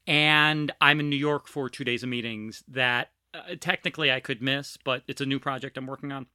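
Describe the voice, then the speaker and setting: Bright, animated trans woman podcast host. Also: very deep voice, moderate pace, no echo. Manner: animated, scatterbrained, self-mocking. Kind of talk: casual chat.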